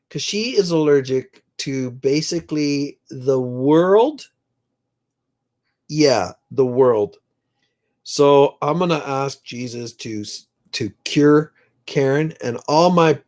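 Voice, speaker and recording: A man's voice: on the high side, darkish tone. A middle-aged man hosting a casual livestream, chatting with viewers in a rambling, heartfelt way and reading their comments. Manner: slow, rambling, emotional, prays aloud with viewers. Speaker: livestream host.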